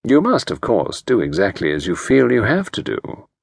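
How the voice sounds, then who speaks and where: Man doing a polite noncommittal gent, quiet and careful, dry close sound. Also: fairly low pitch, huge pitch swings, vocal fry, breathy edge, no echo, exaggerated voice. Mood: evasive. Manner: quiet, measured, hesitant. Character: calm male advisor, pleasant and non-committal.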